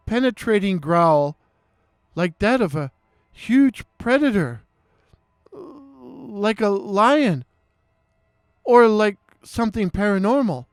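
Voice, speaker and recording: A man narrates a creepy first-person story, slow and deliberate, full of nervous stops and restarts. His voice sits high and sounds smooth and clear. The recording is close and dry. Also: no room sound. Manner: dramatic, halting, with nervous restarts.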